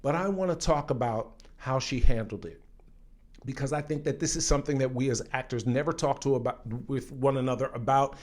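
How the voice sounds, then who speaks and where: An acting coach with a mid-range voice teaches an online lesson, speaking emphatically and directly to the viewer. Now and then he stops to read aloud from an article.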